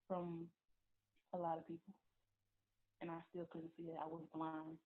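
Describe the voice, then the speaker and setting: A young woman giving a personal testimony, talking haltingly with many fillers and repeated words. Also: sits low, completely flat delivery. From southeastern US. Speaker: testimony giver. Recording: tinny phone-like audio.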